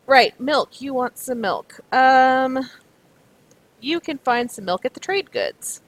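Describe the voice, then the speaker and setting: A woman's voice: sits high, lively intonation, slow, dry recording, rough recording. A woman acting as game master, narrating a tabletop game in a chatty way with many fillers. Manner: chatty, full of fillers and restarts.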